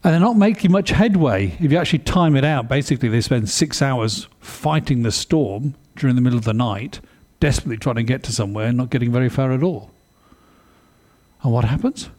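A male preacher delivers a sermon at an ordinary pitch. His tone is mellow and relaxed, and his delivery stays conversational and animated. He keeps stopping to ask his listeners questions. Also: brisk.

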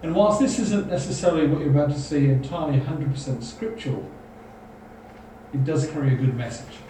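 A man's voice: on the high side, a little fast, warm tone. A man preaching a sermon in an earnest, questioning, exhorting manner. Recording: echoey hall, from far off, faint noise.

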